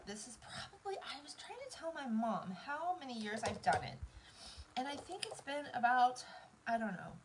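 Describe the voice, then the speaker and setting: A woman in her thirties with a fairly high voice and a Southern American accent puts on makeup during a live stream, talking casually and directly to viewers. She is emotional and almost crying, and the rough recording carries slight background noise.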